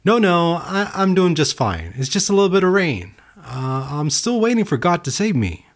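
A man's voice: fairly high pitch, very animated, moderate pace, pitched above the performer's own voice. A man voicing a stubborn man who insists on waiting in a flood and brushes off every offer of help. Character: stubborn adult man refusing rescue in a flood.

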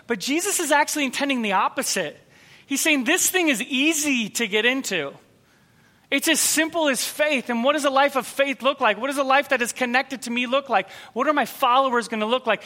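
A man preaching a sermon, telling a story and acting out the people in it, dropping to a soft, quiet voice for tender moments. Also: extremely high pitch, fairly quick. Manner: storytelling, acts out quoted voices. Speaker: pastor.

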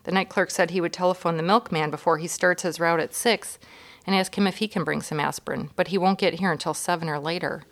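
Storybook: woman voicing a harried dad, exasperated and earnest, lowish voice. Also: fairly even intonation, quick pace, close to an everyday voice. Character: exasperated, helpless father on a road trip. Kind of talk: children's storybook reading.

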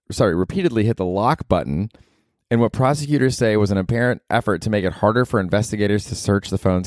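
A man with a low voice hosts a comedy podcast, rambling sarcastically and swearing freely. He sounds close to the mic in a dry room with no echo. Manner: sarcastic, swears a lot, animated asides. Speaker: podcast host. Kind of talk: casual comedic monologue.

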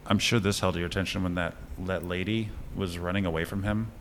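A man with a very low voice talks casually through a film he's reviewing, retelling scenes with animated energy and a chuckle here and there. A faint hum of background noise sits under him. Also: a little fast. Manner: animated storytelling with chuckles and fillers. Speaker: podcast co-host reviewing a film. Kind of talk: casual chat.

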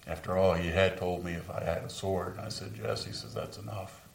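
A man's voice: deep voice, little pitch movement, fairly quick, vocal fry, a little hiss or hum. A man performing a first-person dramatic monologue as the apostle Peter, remorseful over his denial, speaking earnestly in a large room and dropping to whispers at moments of grief. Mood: grave. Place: large room with a live audience. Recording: roomy sound from a distant mic.

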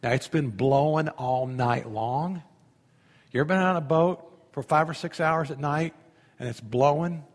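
A male pastor delivers a chatty, conversational sermon a little slowly, often stopping to ask the congregation questions. His voice is slightly high and a bit husky, and a long reverb lingers after every phrase.

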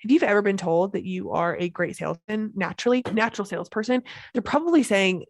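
A woman's voice: medium pitch, fast talker. A woman hosting a solo podcast as a business coach, talking with energy and emphasis and repeating key phrases.

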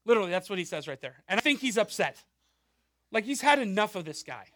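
A male pastor giving a conversational sermon, animated, with frequent asides and rhetorical questions. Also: high-pitched, fairly quick, dry recording, clean studio sound.

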